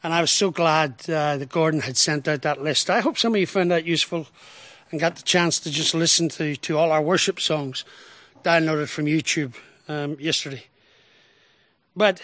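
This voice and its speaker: A man preaching a sermon as pastor, expressive, with rhetorical questions, swinging from emphatic lines to hushed ones. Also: a little high, moderate pace, no echo.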